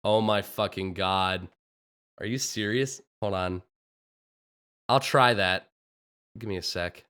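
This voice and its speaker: A man's voice: lowish voice, steady tone, takes it slowly, long pauses, a bit bright, clean tone. A man chatting casually on a live stream about voice acting, rambling, joking at his own expense and breaking into laughter. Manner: rambling and self-mocking, bursts of laughter. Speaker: streamer and voice actor. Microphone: streaming microphone.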